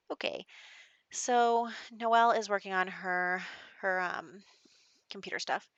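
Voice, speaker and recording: A woman's voice: on the low side, a bit bright, no room sound. A woman giving casual, chatty let's-play commentary on a life-sim game, laughing often. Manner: chatty, laughs often, speaks lines for characters in passing. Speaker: gameplay commentator.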